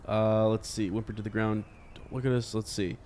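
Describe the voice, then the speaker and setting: A man's voice: fairly low pitch, flat delivery, normal speed, darkish tone, slight background noise. A man in a casual book discussion who teases, laughs easily and reads passages aloud with many fillers.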